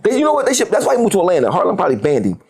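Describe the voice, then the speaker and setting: A fast, lively New man in his forties tells his side in a heated interview, jumping all over his range. His voice is rough and husky, with a gravelly edge. He curses freely and stammers through repeated words when fired up. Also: sits high. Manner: animated, profane, repeats words when worked up. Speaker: interview guest.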